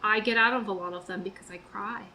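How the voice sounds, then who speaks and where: A woman co-hosting a podcast in casual chat, animated and quick to laugh. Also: mid-range voice, rough recording. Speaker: podcast co-host.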